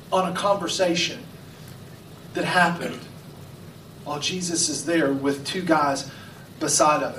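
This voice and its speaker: A man from West Virginia preaching a sermon, dramatic, with pauses and acted-out voices. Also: high-pitched, a bit bright, slight background noise. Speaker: pastor. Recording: echoey, from far off, faint music.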